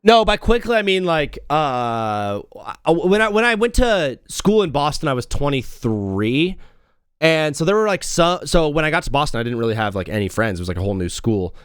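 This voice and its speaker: A man's voice: fairly high pitch, sing-song, normal speed, clean tone, no room sound, studio quality. A young man hosting a sports talk show, chatting casually, laughing often and acting out his callers. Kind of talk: casual podcast chat.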